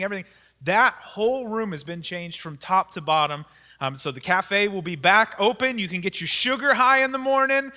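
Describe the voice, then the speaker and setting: A middle-aged man preaching a lively sermon as senior pastor, energetic and laughing often as he acts out people's worried questions. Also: high voice. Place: church worship hall.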